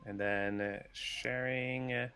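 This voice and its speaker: A man, a software developer, chatting as a podcast guest over a video call, laughing often and talking in quick rambling bursts. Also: mid-range voice, steady tone, clean tone, soft background music. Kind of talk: casual video-call chat.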